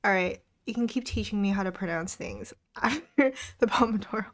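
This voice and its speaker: A woman's voice: medium pitch, brisk, vocal fry. A young woman hosting a live study stream, chatting casually with viewers, reading their comments aloud and laughing often. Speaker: livestream host. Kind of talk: casual chat with a live audience. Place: home desk during a study stream.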